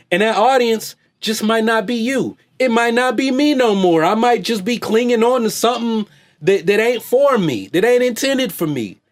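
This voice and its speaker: A man, a vlogger and fitness coach, giving a loose, slangy off-the-cuff commentary rant full of "hey, man" asides. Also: high voice. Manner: slangy, repetitive "hey, man", jokey mock voices.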